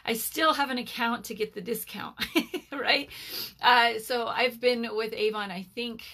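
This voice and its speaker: A woman's voice: fairly high pitch, fairly even intonation, unhurried, gravelly, pushed and bright. A woman in her forties, hosting a casual live Q&A as a network marketer, chatty and rambling with lots of fillers. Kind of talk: casual live-stream chat.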